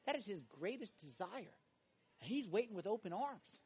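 A male preacher with a very high voice delivers an emphatic, animated sermon. He swings from loud exhortation down to hushed, intense passages. The recording is dull and lo-fi. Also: moderate pace, husky.

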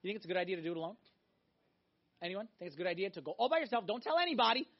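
A male preacher with a very high voice delivers an emphatic, animated sermon. He swings from loud exhortation down to hushed, intense passages. The recording is dull and lo-fi. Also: racing.

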